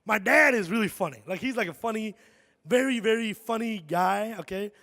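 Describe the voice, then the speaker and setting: A man from Chicago performing animated stand-up comedy on a concert hall stage, often tossing "right?" to the crowd. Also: high-pitched, normal speed, creaky. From Chicago, USA. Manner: animated storytelling, frequent "right?" asides.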